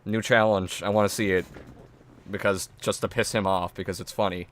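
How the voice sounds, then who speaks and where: Low-voiced man streaming, crude and dismissive. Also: fairly even intonation, moderate pace. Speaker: streamer host. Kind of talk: casual reaction commentary.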